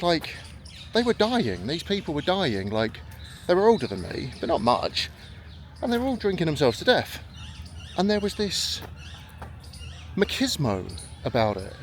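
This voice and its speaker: A middle-aged man talking casually while walking in a park, telling stories and acting out what people said. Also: fairly high pitch. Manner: chatty storytelling, acts out quoted voices. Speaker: vlogger. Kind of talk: rambling walk-and-talk vlog. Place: outdoors in a park. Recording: faint outdoor background noise.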